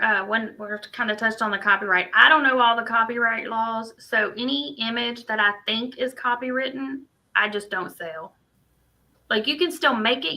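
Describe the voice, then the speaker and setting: A woman's voice: fairly high pitch, sharp tone, rough recording. A woman, co-hosting a casual crochet livestream and thinking aloud as she works on screen. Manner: chatty, thinks aloud while working on screen.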